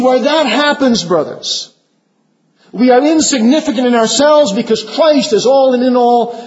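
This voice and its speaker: A man preaching a sermon to fellow ministers, earnest and measured, his voice sinking low at the end of phrases. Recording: dull lo-fi recording.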